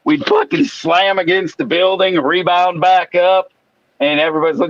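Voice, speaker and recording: A man's voice: high voice, normal speed, no echo, dull audio. A man in casual podcast chat, boastful and profane, who laughs easily. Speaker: co-host.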